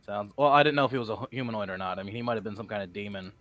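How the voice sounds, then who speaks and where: A man's voice: on the low side, rapid-fire, fairly bright tone. A man playing a tabletop game, asking blunt questions and swearing casually. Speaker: player.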